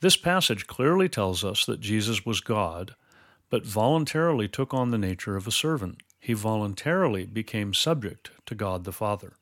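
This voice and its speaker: A man teaching Bible doctrine in a measured, explanatory way, quoting scripture formally. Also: on the low side, lively intonation, fairly bright tone, dry recording, clean studio sound. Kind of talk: scripted theological dialogue.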